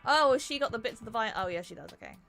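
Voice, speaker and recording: A woman's voice: a little high, lively intonation, racing, gravelly, a bit bright. A woman streaming a game, chatting playfully and reading the dialogue aloud. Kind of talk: game playthrough commentary. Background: faint game music.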